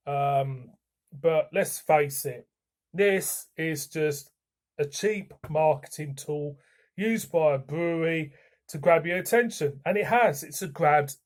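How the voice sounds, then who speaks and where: A man's voice: on the high side, darkish tone. Blunt man reviewing beer. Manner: blunt, frank, swears. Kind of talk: casual beer review vlog.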